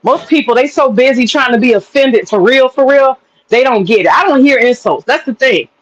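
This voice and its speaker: A man's voice: very high-pitched, fairly quick, a bit bright, highs cut off, soft background music. A man hosting a casual livestream panel chat, loose and profane, laughing often and repeating phrases. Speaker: streamer and panel host.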